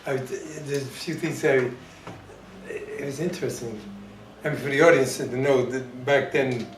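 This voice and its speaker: A man hosting an interview, halting and agreeable, recorded from a distance in a roomy room. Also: medium pitch, steady tone. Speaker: host. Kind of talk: interview chat. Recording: roomy room, distant mic, faint noise.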